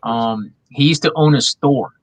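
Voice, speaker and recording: A man's voice: mid-range voice, measured pace, dry recording, poor audio. A man recalling a story plainly. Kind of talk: casual chat.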